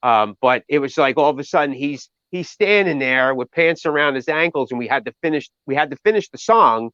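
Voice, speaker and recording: A man's voice: medium pitch, lively intonation, fairly quick, a bit bright, clean tone, no echo, dull audio. A man, a guest musician, telling casual stories from touring in a rambling way with many fillers and restarts. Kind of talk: casual storytelling.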